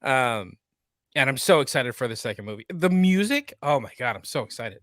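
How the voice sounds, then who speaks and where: A man's voice: mid-range voice, animated, moderate pace, fairly bright tone, no room sound, studio quality. Chatty, enthusiastic podcast co-host man. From Sacramento area. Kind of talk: casual pop-culture chat.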